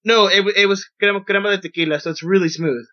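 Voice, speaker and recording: A young man telling a rambling, profane, animated story on a podcast as its host. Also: sits high, fast. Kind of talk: casual storytelling. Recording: dull lo-fi podcast audio.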